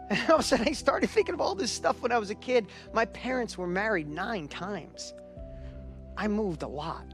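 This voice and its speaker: A middle-aged man with a high-pitched voice speaks to an audience at a motivational event. He tells a personal story with feeling and pushes toward rousing, urgent appeals. Soft music plays faintly underneath. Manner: storytelling, emotional, builds to urgent exhortation. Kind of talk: motivational stage talk.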